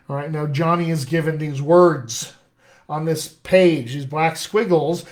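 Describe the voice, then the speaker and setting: A man with a General American accent, a dialect coach explaining text analysis in an extemporaneous live lesson, checking in often with "all right?". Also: a little high. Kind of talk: live-streamed teaching session.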